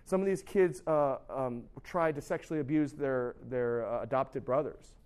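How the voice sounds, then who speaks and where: Guy preaching casually, telling a story, lots of likes and uhs, acts out people's lines, normal pitch voice. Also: normal speed, darkish tone, clean tone. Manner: rambling, conversational, lots of fillers and restarts. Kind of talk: informal sermon storytelling. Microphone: recorded live, speaks to a sound tech.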